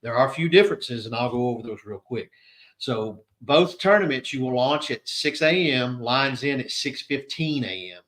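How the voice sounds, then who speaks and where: A middle-aged man runs through a rules briefing for anglers in a relaxed, conversational way. His voice sits at an average pitch with a bright, forceful edge. He sounds instructive and plain-spoken, like a tournament director going over the do's and don'ts. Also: moderate pace.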